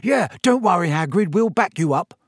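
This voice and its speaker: A man's voice: high-pitched, lively intonation, normal speed, no room sound, clean studio sound, voice pushed up. A man voicing a gloomy, blunt, loyal teenage schoolboy.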